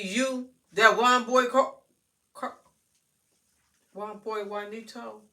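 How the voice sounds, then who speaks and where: A woman vlogger speaks directly to her followers in a loose, rambling, profane monologue. Her voice is on the high side, pushed and bright, with a steady tone, and she talks slowly with frequent pauses, sounding a bit far from the mic.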